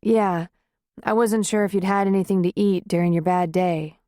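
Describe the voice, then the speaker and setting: A woman voicing a gentle, caring man who speaks softly and soothingly to his upset girlfriend in an audiobook. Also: mid-range voice, fairly even intonation, no room sound, clean studio sound, natural voice. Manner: soft, soothing, unhurried.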